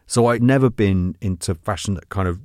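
A man, a writer guest, chatting excitedly in an interview, often restarting his sentences and laughing. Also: fairly low pitch, a little fast, dry recording, studio quality. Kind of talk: animated interview chat. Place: podcast studio.

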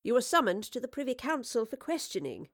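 A woman's voice: a little high, sing-song, brisk, no echo, pitched above the performer's own voice. Woman as a stern professor lady, firm, questioning, audiobook, dry sound. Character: brisk, stern female professor. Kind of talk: audiobook character reading.

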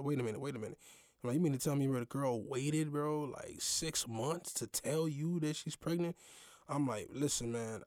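A young man hosts his own podcast, telling a personal story in a loose, slangy, animated way full of fillers. His voice is medium-pitched, recorded dry with clean studio sound.

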